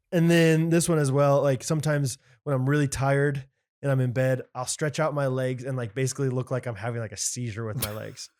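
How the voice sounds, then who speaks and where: A man's voice: mid-range voice, steady tone, fairly quick, a little mellow. A man co-hosting a podcast, chatting casually and rambling with plenty of "like" and fillers. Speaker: podcast co-host. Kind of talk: casual chat.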